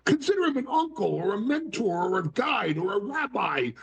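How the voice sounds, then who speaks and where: Theatrical man with a gravelly voice. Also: sits high, big pitch swings, normal speed, a bit bright, a little hiss or hum, low-quality recording. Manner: theatrical, dramatic storytelling with acted voices. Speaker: wrestling personality, guest. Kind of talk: animated interview talk.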